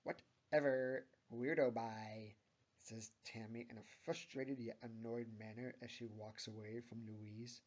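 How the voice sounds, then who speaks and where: Deadpan man reading fan fiction. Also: lowish voice, normal speed, hardly any pauses, slightly rough, muffled recording. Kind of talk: mock-serious amateur reading.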